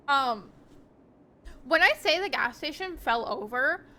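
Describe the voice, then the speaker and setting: A woman's voice: sits high, animated, takes it slowly, sharp tone, slight background noise. A young woman streaming live, chatting casually with her viewers in a rambling, giggly way with lots of ums.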